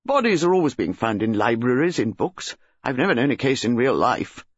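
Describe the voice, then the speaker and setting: A reader voicing a grumbling, sleepy old English colonel who speaks gruffly and dismissively, in a dull lo-fi storybook recording. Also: medium pitch, huge pitch swings, normal speed, no room sound, exaggerated voice.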